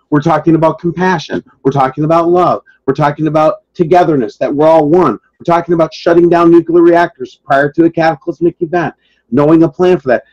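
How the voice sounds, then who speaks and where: A man's voice: a little high, a little mellow, highs cut off. A man hosting a talk show, emphatic and emotional, arguing his point with feeling. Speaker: show host. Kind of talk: conversational call-in chat.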